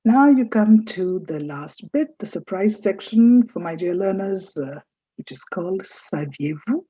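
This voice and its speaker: A woman teaches a recorded French lesson at an unhurried pace, pausing to correct how words are pronounced. Her voice is deep and husky. The recording is dry and dull. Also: animated, dark tone, no echo. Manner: explanatory, corrects pronunciation. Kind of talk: recorded online lecture.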